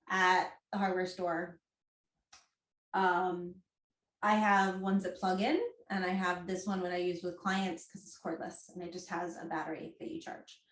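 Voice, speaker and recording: Chatty woman teaching in a roomy space. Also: medium pitch. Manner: chatty and jokey, with frequent ums. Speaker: movement and bodywork instructor. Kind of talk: casual instructional class. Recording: roomy echo.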